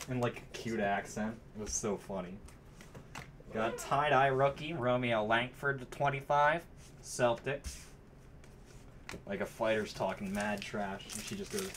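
A man's voice: mid-range voice, takes it slowly, long pauses, a little hiss or hum. A man hosting a card break, chatting casually and calling out cards between stories. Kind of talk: casual chat while opening card packs.

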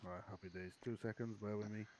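A man's voice: lowish voice, fairly even intonation, brisk, heavy background noise. A man in an online role-play court hearing, brash and sweary, demanding to see the evidence. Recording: game voice chat with crowd of players.

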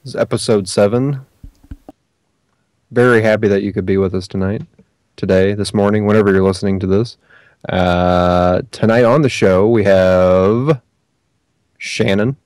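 Guy hosting a gaming podcast, jokey and relaxed, dry close mic. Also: fairly low pitch, moderate pace, long pauses, dry recording. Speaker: podcast host. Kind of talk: casual podcast chat.

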